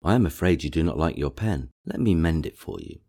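A man reading the part of a fawning young society woman who gushes with flattery in an audiobook. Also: rumbling low, a little fast, exaggerated voice. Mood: gushing. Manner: gushing, eager to please.

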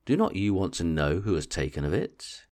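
A man reading aloud voices an excitable middle-aged mother, raising his pitch and pushing eagerly. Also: moderate pace. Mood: eager, insistent. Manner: eager, insistent, raised pitch.

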